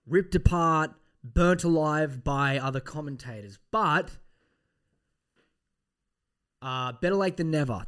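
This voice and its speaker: A man hosts a loose solo podcast with a slightly high voice. He rambles, swears freely and throws in mock threats. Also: fairly bright tone. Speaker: podcast host.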